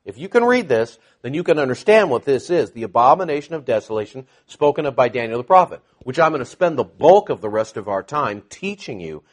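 A man's voice: mid-range voice, big pitch swings, a little fast, few pauses. A man teaching the Bible to a live group in a conversational, sarcastic way, with mocking asides.

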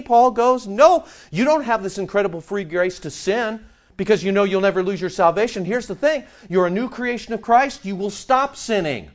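A man preaching a sermon as pastor, animated and sarcastic, firing rhetorical questions at the congregation. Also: high-pitched, normal speed, lo-fi sound.

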